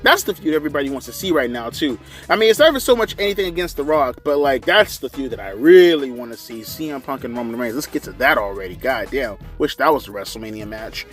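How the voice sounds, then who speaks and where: A young man giving casual, profane, rambling wrestling commentary, excitable and full of slang. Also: medium pitch, fast, hardly any pauses, faint music behind. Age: young adult. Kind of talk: casual watch-along commentary.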